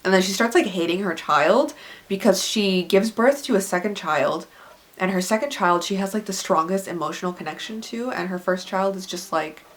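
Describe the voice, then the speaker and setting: A woman's voice: medium pitch, normal speed. A woman in her twenties recommending books in a casual vlog, chatty and gushing, filling her talk with "like". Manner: chatty and gushing, heavy use of "like" fillers. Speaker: book reviewer.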